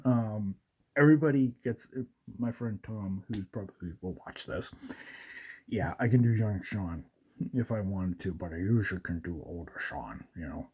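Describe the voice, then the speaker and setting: A man's voice: sits low, expressive, normal speed, darkish tone, breathy edge, highs cut off. A male radio show host chatting casually, rambling with fillers and retelling movie scenes. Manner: rambling, with many fillers and quoted movie lines.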